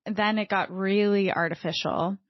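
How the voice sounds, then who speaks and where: A woman co-hosting a podcast in casual chat, wry and quick to laugh. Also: medium pitch, fairly even intonation, dry recording, lo-fi sound. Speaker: podcast co-host.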